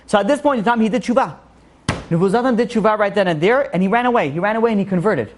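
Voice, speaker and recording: A man's voice: high voice, lively intonation, racing. A male rabbi giving an informal class, earnest and repeating his phrases for emphasis.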